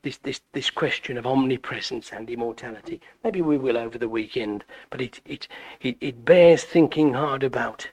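A middle-aged man preaching a sermon, animated and full of stammered restarts. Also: moderate pace. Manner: animated, wide swings in pitch and loudness, frequent stammered restarts. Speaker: visiting preacher.

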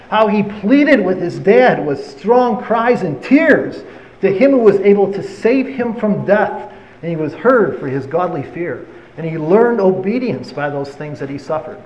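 A man preaching a sermon, retelling Bible stories in an animated, conversational way. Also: high-pitched, highs cut off.

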